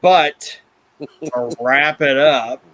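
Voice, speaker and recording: A man's voice: mid-range voice, steady tone, very slow, a bit bright, no room sound, rough recording. A man hosting a podcast in blunt, profane, casual chat. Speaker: podcast host.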